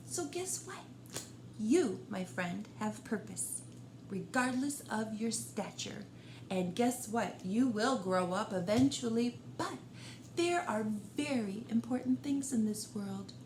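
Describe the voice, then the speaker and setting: A woman librarian reading a picture book aloud for storytime, expressive and gentle, talking directly to young listeners. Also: a little high, slow, slight background noise. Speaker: children's librarian. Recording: roomy room echo.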